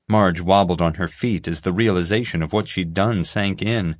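A man reading a story aloud as an audiobook narrator, steady and clear. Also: low voice, moderate pace, hardly any pauses, no room sound, clean studio sound. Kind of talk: scripted narration.

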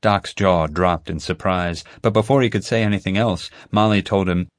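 Man narrator, lowish voice, dry studio sound, even storytelling. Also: normal speed, few pauses, no room sound. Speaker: audiobook narrator. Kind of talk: scripted first-person narration.

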